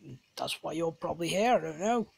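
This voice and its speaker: Rambling gamer, mid-pitched. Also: expressive, a little fast, vocal fry, breathy edge. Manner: rambling, jokey, self-deprecating asides. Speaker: gamer, channel host. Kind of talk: casual gameplay commentary.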